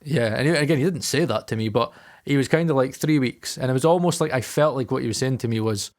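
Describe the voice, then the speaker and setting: Brief: male podcast co-host, casual and sweary, mid-range voice, animated storyteller. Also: mid-range voice, fast talker, few pauses. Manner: swears a lot and acts out quoted dialogue. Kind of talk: casual chat.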